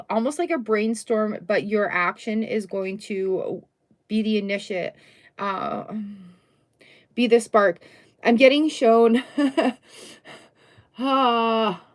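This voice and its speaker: A middle-aged woman doing a casual, chatty tarot reading on a live stream, full of upbeat exclamations. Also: medium pitch. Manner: chatty, upbeat, exclamations and little sung bits.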